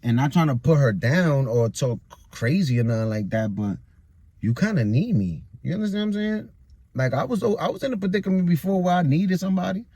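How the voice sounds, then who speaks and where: A man's voice: fairly high pitch, expressive, a little fast, mellow, husky, dry recording. A frustrated young man venting in a rambling monologue, repeating himself often, recorded outdoors in a busy public area.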